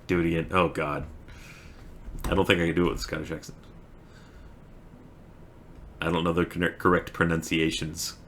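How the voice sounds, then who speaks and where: Speaking at a moderate pace with long pauses, this livestream host has a low voice, flat delivery and a fairly bright tone, with a little hiss or hum on the recording. He chats casually with viewers and reads verse aloud in dramatic swells, stopping to giggle.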